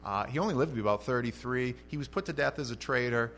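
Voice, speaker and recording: A man preaching an expository sermon as pastor. He moves between conversational asides and emphatic lines, with big swings in loudness and pitch. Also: quick pace, slight background noise.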